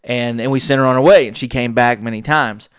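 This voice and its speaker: A man tells a story on his podcast. He acts out each voice in it with lively energy. The sound is dry and close, with no room echo. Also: mid-range voice, fairly quick, smooth. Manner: animated storyteller acting out quoted dialogue. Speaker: podcast host. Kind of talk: storytelling monologue.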